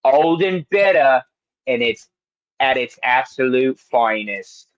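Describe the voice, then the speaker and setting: A man's voice: mid-range voice, animated, takes it slowly, no room sound, dull audio. A man hosting a wrestling podcast in a studio, talking bluntly and mockingly with plenty of swearing. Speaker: podcast host. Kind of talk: casual chat.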